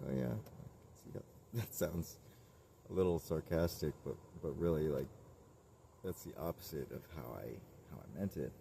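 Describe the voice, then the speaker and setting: A man talking casually to camera in a candid, self-reflective monologue, rambling and halting with many restarts. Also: low voice, vocal fry, warm tone, slight background noise. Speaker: vlogger.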